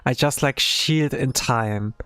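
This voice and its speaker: A man giving casual, rambling commentary as he plays a game, filling his talk with "like" and bursting out with excitement. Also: mid-range voice, slow, clean tone, dry recording. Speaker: streamer.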